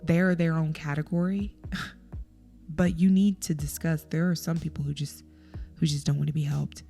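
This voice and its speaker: A woman with a low, gravelly voice hosts her podcast solo and tells an everyday story. She talks casually and rambles, dropping plenty of "like" along the way. Soft music sits faintly underneath. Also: little pitch movement, moderate pace. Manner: chatty, rambling, heavy use of "like". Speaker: podcast host.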